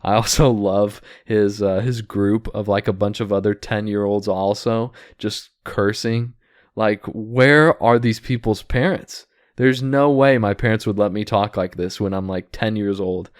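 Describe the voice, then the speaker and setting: A man's voice: fairly low pitch, measured pace, no echo, clean studio sound. A man hosting a casual reaction commentary, ranting with disapproval and leaning on fillers and restarts. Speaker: commentary host.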